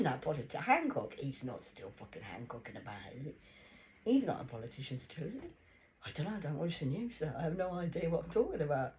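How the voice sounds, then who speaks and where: Low-voiced woman, rambling. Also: sing-song, a little fast. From United Kingdom. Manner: swears freely, laughs often, drops into whispered asides. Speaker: vlogger. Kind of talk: casual rambling storytelling.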